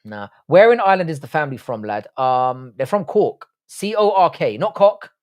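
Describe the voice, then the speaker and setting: A man's voice: a little high, very animated, normal speed. A young man who grew up in the UK, hosting a live stream and reading out viewer comments in blunt, sweary casual chat. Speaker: livestream host.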